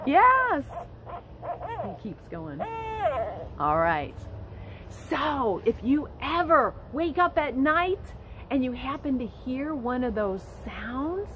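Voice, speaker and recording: A woman nature educator giving an expressive lesson to children, speaking directly to her young listeners. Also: a little high, heavy background noise.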